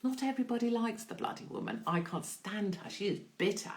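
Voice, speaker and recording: A woman chats casually on her own live stream, answering viewer questions. She talks in an irreverent, gossipy way, swears freely and asks her audience questions. Her voice sits at a middling pitch and leaps up sharply when she reads questions aloud. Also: expressive, brisk. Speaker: host of her own online show.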